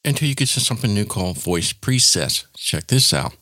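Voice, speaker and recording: A man hosting a casual software tutorial, explaining each step in an informal, demonstrative way. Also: fairly low pitch, big pitch swings, a little fast, no room sound, studio quality. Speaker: tech tutorial host.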